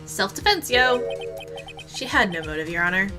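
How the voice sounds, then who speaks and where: A woman's voice: mid-range voice, expressive, normal speed, sharp tone, faint music behind. A woman voicing an earnest young male defense lawyer, arguing dramatically in a courtroom game playthrough. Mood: explaining.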